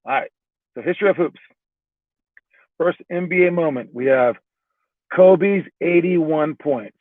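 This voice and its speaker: A man's voice: on the high side, a little slow, dry recording. A man working as a basketball trainer, casually explaining drills with loose, talky delivery, frequent restarts and repeated "all right"s. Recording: tinny phone-like dry sound.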